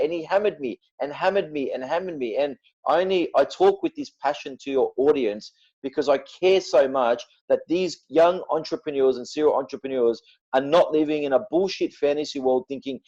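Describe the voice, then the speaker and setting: A man speaking as a podcast guest, blunt and forceful, cursing freely as he makes his points. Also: a little high, normal speed, lo-fi sound. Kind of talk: passionate podcast talk.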